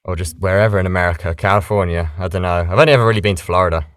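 A British man, a voice actor, chatting casually in an interview and explaining things in a lively, animated way. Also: low-pitched, very fast, clean tone, dry recording, studio quality. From Britain. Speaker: voice actor guest.

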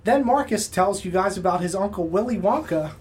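A man's voice: sits high, lively intonation, a little fast, darkish tone, husky. A man acting as game master, recapping the last session casually with many filler sounds.

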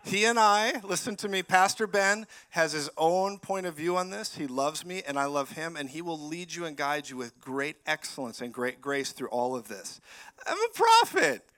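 Man, guest preacher, sermon in a church, bright tone, animated, loud-to-quiet swings. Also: fairly high pitch, normal speed, hardly any pauses, clean tone. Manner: animated, jumping between shouting and quiet. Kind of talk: sermon with prophetic words. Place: church sanctuary.

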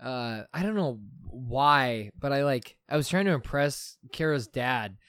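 A man's voice: mid-range voice, measured pace, clean tone, dry recording, clean studio sound. A young man in casual chat, telling stories animatedly with plenty of fillers. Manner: animated storyteller, lots of fillers.

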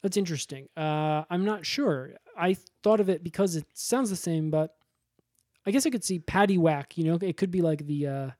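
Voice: mid-range voice, moderate pace, darkish tone, dry recording, studio quality. A podcast co-host retelling a story in casual comic banter, rambling and giggling as they go.

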